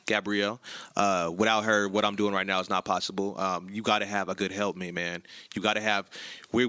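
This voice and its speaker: Laughing, rambling young man with a bright voice. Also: fairly low pitch, no room sound. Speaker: podcast co-host. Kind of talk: casual chat.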